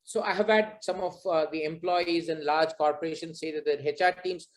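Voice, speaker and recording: A man hosting an online masterclass who speaks earnestly and often pauses with fillers. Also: a little high, steady tone. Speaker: masterclass host.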